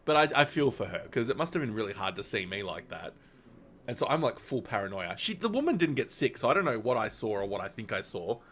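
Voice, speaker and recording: A man's voice: lowish voice, very animated, fast, fairly bright tone. A man streaming, telling a long personal story in casual, rambling talk full of fillers and little laughs.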